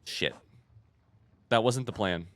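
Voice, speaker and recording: A man's voice: lowish voice, takes it slowly, fairly bright tone, dry recording. A man in his thirties giving casual, chatty commentary while playing a video game, telling stories and poking fun at himself. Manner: chatty, self-mocking, storytelling between fights. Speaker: streamer.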